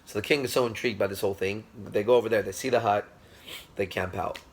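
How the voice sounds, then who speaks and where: Guy telling a story in a lecture, husky and a bit raspy, low voice, talks right to you. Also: quick pace. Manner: animated storyteller, addresses listeners directly.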